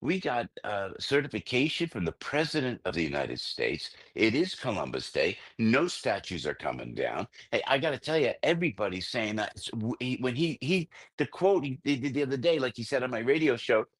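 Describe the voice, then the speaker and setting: An older radio host, a man, telling a story as a guest in an excitable, rambling way, full of restarts and stammers. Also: medium pitch, moderate pace, few pauses, husky. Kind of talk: phone-in radio interview, storytelling.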